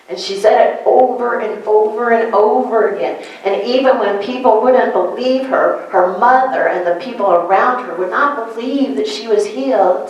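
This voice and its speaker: A woman's voice: on the high side, moderate pace. A woman minister giving a sermon-style lesson to a congregation, asking questions of her listeners and repeating key phrases with emphasis. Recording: echoey room.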